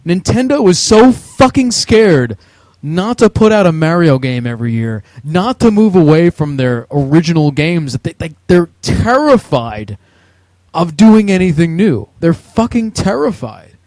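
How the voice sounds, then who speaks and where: A man's voice: a little high, very animated, unhurried, a little mellow, dry recording. A man with a New Jersey accent co-hosting a podcast, ranting about video games with heated, sweary, mocking talk. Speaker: podcast co-host. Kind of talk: profane ranting chat.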